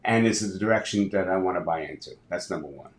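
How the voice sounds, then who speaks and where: A man's voice: low-pitched, fast talker. A man in his sixties, a guest on a podcast interview, talking with energy and acting out dialogue in his stories. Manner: energetic storyteller who acts out dialogue. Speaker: guest, business advisor and speaker. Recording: roomy echo.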